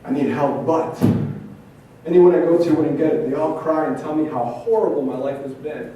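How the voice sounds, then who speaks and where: In an echoey room at an indoor event venue, recorded from far away with slight background noise, a male trauma therapist performs an intense spoken-word monologue full of rhetorical questions and repetition. He speaks fairly quickly in a dark-toned voice on the high side.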